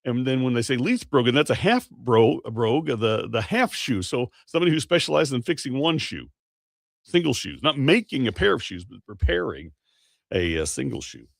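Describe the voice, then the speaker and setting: A male morning radio host with a gravelly, creaky edge to his voice. He talks in a loose, rambling way, correcting himself mid-sentence as he goes. The sound is close and dry, like a studio microphone. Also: medium pitch, sing-song, moderate pace, no echo. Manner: rambling, self-correcting, chatty. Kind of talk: casual morning radio talk.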